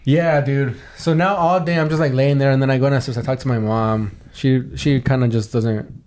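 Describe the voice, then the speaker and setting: A man's voice: mid-range voice, fairly even intonation, moderate pace, a little mellow. A young man telling a long personal story on a podcast, casual and rambling, swearing often and restarting his sentences. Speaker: podcast host.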